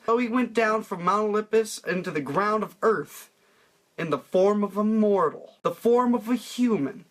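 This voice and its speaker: A man's voice: high-pitched, expressive, normal speed. A young man retelling a myth as crude comedy, rambling and profane, laughing as he goes. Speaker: storyteller.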